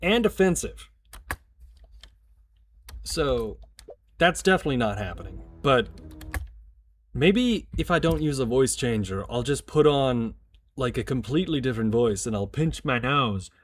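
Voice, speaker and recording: A man's voice: mid-range voice, lively intonation, a little slow, long pauses, a little hiss or hum. A man streaming a game, chatting casually in a rambling, jokey way with plenty of swearing. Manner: rambling, profane, jokey asides. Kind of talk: casual chat while gaming.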